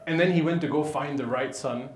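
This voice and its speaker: A man's voice: on the high side, fairly quick, background noise. A man doing stand-up comedy, with cheeky asides to the audience. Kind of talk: stand-up comedy with crowd work. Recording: live crowd in an echoey venue.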